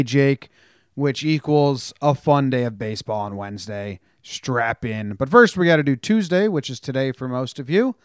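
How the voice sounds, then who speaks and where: A man's voice: on the high side, clear, resonant tone, dry recording, clean studio sound. Upbeat, joking male podcast host. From New Jersey. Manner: upbeat, joking, fast banter. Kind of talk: casual sports podcast chat.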